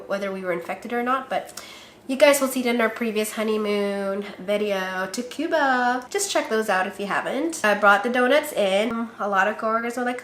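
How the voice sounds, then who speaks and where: A young woman chatting in a casual vlog, bubbly and quick to laugh, acting out what others said. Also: mid-range voice, a bit bright, slight background noise. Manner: bubbly, laughs often, acts out quoted voices. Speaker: vlogger. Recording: roomy echo.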